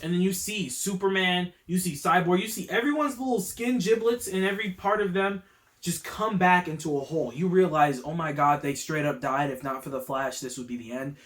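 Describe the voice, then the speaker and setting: Male vlogger, slightly high voice, excitable and slangy, casual movie review. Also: fairly quick. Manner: excitable, gets worked up; slangy, enthusiastic storytelling. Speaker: YouTube channel host.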